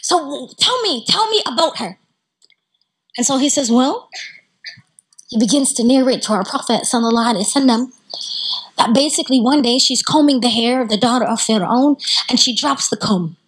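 A woman with a Southern US accent tells a religious story. Her voice sits high and sounds a little husky. She is animated and acts out the voices of the people in the story. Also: fairly quick, poor audio. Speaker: religious speaker. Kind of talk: Islamic storytelling talk.

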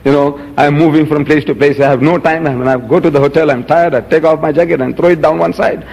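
A man's voice: on the high side, fairly even intonation, fast, creaky, a little mellow, in a large hall. A man giving a public lecture, indignant and rhetorical, holding up items for the audience. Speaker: Muslim lecturer.

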